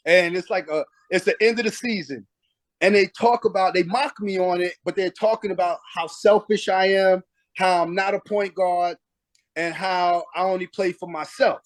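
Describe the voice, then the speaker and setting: A man's voice: high-pitched, fairly even intonation, moderate pace, dry recording. A middle-aged man, a former pro basketball player, telling stories in a casual interview with emphasis and acting out past conversations.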